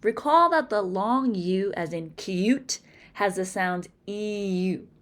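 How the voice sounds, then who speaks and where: A woman teacher with a Massachusetts accent, taking a phonics lesson at an unhurried pace. She is deliberate and clear, over-articulating each example word and pausing after it. Her voice sits in a middle pitch.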